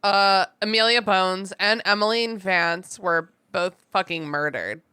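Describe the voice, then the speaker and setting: A woman's voice: mid-range voice, measured pace, pushed and bright, clean tone. A woman co-hosting a podcast in casual chat, laughing often and swearing as she recaps a book. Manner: laughs often, swears, slips into quoted voices. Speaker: podcast co-host.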